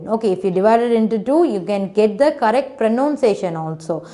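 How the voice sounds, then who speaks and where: A woman's voice: medium pitch, animated, a little fast, dark tone. A woman teacher, patiently sounding out words and syllables for children in an online phonics class. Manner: patient, repetitive teacher talk, sounding out letters, frequent "okay".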